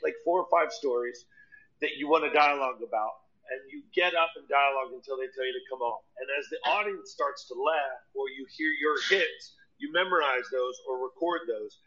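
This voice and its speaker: Man, comedian, lively storyteller, bright forceful voice, muffled lo-fi sound. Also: a little high, fairly quick. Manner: animated storytelling, acts out voices. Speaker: stand-up comedian. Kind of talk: casual chat. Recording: dull lo-fi audio.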